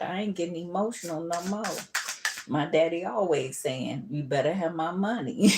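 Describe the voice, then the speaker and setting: Chatty tarot-reading woman, low voice. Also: a little mellow, slight background noise. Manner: chatty, laughs often, calls listeners boo and baby. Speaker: tarot reader. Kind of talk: casual tarot reading livestream.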